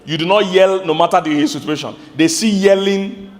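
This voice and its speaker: A Nigerian man preaching a sermon as pastor, animated, with sudden high outbursts and questions to his congregation. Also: moderate pace, in a large hall.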